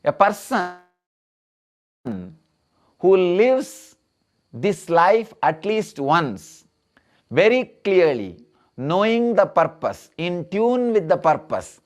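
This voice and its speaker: Man, spiritual teacher, sermon, slow unhurried delivery, animated intonation. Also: a little high. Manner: slow, emphatic, repeats key phrases.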